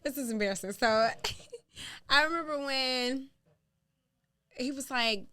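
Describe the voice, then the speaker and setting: A middle-aged woman from Louisiana, a podcast guest, telling family stories in a laughing, exclamatory, animated way. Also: high voice, slow pace, clean tone. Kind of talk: casual storytelling chat.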